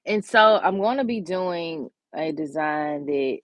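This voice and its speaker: A woman with a deep, low voice talks viewers through a nail art design in easy, encouraging chat. She speaks straight to the audience and slips into soft whispers at the detailed steps. The sound is dull and a little lo-fi, dry and close. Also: unhurried, few pauses, no room sound. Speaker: nail tutorial host. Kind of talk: casual step-by-step tutorial chat.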